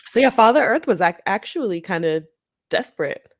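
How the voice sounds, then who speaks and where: A woman in her thirties co-hosting a book club podcast, chatting casually, laughing easily and pausing with ums as she thinks. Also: mid-range voice, expressive, no echo, studio quality. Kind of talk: casual chat.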